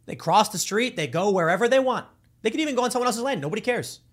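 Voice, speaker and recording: A man's voice: sits high, animated, fast talker. A man talking casually and jokingly, giving his opinions and acting out quoted voices.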